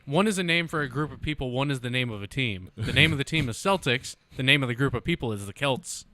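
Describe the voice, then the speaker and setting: A man's voice: medium pitch, very fast, pushed and bright. A man co-hosting a casual podcast, patiently explaining his points step by step. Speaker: podcast co-host. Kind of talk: casual chat.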